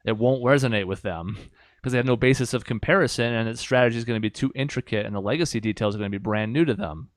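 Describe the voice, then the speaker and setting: A man's voice: mid-range voice, fast, no echo. A young man co-hosting a podcast, making opinionated points in an articulate, mock-exasperated casual way. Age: young adult. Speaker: podcast co-host. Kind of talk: casual chat.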